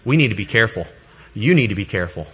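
A man's voice: fairly low pitch, animated, very fast, a bit bright, husky. A man in his thirties preaching a sermon to his congregation in a church, earnest, joking at times and getting choked up. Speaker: pastor.

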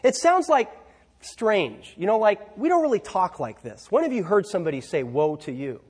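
A man's voice: high voice, big pitch swings, normal speed, darkish tone, slightly rough. A man preaching a sermon in a church, conversational, with asides and rhetorical questions. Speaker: pastor.

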